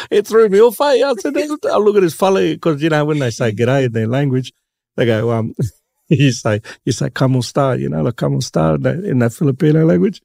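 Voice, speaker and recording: Australian male host, gravelly and dark, lively storyteller, dry sound. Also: on the high side, moderate pace, no room sound. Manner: animated storyteller, laughs often. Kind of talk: casual conversational interview.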